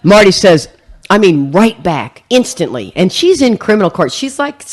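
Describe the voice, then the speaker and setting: A woman's voice: mid-range voice, normal speed. A woman speaking at a recovery meeting, telling a humorous personal story with lots of laughter and acted-out voices. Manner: animated, laughs often, acts out others' voices.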